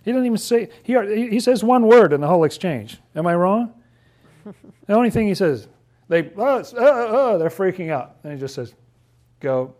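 Animated man leading a Bible study. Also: sits high, a little fast. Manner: animated, acts out quotes in playful voices; chatty, laughs often. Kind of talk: casual Bible teaching.

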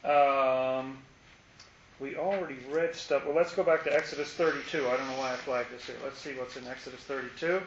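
A man's voice: medium pitch, steady tone, fairly quick, reverberant, dull audio, slight background noise. A man leading a casual Bible study, explaining passages with playful asides.

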